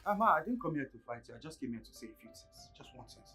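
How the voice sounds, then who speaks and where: A man's voice: on the high side, big pitch swings, very fast, soft background music. An actor with a Nigerian accent playing a proud young driver who lectures his boss bluntly. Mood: calm. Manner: lecturing, scolding loudly. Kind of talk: Nollywood film acting.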